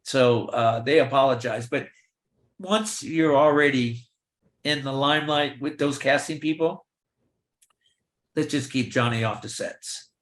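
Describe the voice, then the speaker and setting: An older man, a veteran film extra, telling lively anecdotes in a Q&A and acting out the dialogue of the people in them. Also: medium pitch, a little slow, long pauses. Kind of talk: storytelling in a virtual Q&A. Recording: roomy echo.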